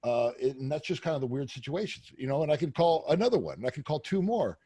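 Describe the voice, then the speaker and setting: Brief: brash guest, man, husky voice, a bit high, dry close mic, frank and profane. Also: sing-song, fast talker, dark tone. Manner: brash, profane, storytelling with many fillers. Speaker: podcast guest. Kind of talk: candid casual interview talk. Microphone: close podcast mic.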